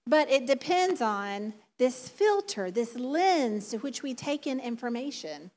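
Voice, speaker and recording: A woman's voice: sits high, big pitch swings, measured pace, a little mellow. A woman with a Southern drawl giving a casual, chatty sermon to a congregation, laughing often and talking with many fillers. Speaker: church speaker. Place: church sanctuary before a congregation.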